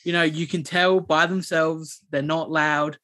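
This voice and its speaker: A man, co-hosting a podcast and telling a story in a rambling, animated way with many restarts. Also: fairly high pitch, measured pace. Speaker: podcast co-host. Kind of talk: casual chat, storytelling.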